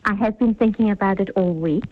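A woman's voice: medium pitch, a little fast. A woman calling in to a radio show, chipper and upbeat, laughing easily as she talks. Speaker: caller. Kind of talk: phone-in chat. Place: car on the way to work. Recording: tinny phone line.

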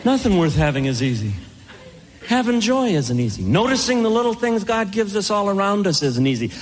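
A man performing a stand-up comedy routine, breaking into shouted high-pitched voices for his punchlines. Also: big pitch swings, fairly quick. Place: comedy venue with live audience. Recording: live crowd noise and hiss. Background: audience laughter.

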